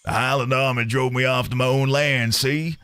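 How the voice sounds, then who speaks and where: A man's voice: medium pitch, fairly even intonation, normal speed, a bit bright, smooth, natural voice. A man voicing a laid-back male villager in a put-on Southern Texan accent, with an easygoing drawl. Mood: friendly.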